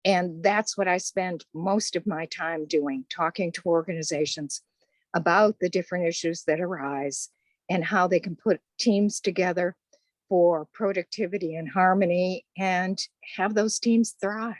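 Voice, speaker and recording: Older woman, Boston accent, chatty instructor, lowish voice, dry close sound. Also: a little slow, no echo. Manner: chatty, conversational. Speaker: course instructor. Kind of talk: interview answers.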